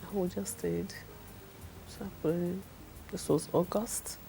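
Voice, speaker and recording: A middle-aged woman, telling her testimony in a lively way and acting out the people she quotes. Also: fairly low pitch, takes it slowly, creaky, over music, poor audio. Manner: acts out the people she quotes, laughs often. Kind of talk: animated storytelling.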